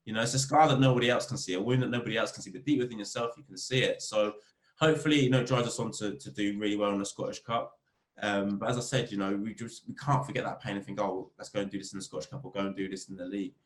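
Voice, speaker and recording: A man, a football club captain, chatting as a podcast guest and telling lively stories about the game. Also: racing. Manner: animated storyteller, rising pitch when telling funny stories. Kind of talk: casual interview chat. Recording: roomy echo.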